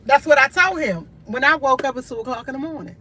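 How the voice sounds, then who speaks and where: Woman, high-pitched, tired, earnest and repetitive, livestream chat. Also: lively intonation, quick pace, sharp tone, slight background noise. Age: adult with a school-age son, in college. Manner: weary, earnest, speaks in short repeated phrases. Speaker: livestream host. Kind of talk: candid livestream talk.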